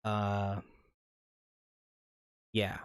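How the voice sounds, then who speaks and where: A man's voice: fairly low pitch, monotone, drawn-out words, smooth, no room sound, clean studio sound. A man giving a casual movie review in a rambling way, sometimes losing his train of thought.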